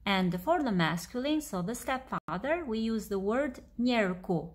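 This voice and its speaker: A woman with an Albanian accent teaching her language, explaining words slowly and repeating them. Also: on the high side, lively intonation. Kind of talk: language lesson reading a story aloud.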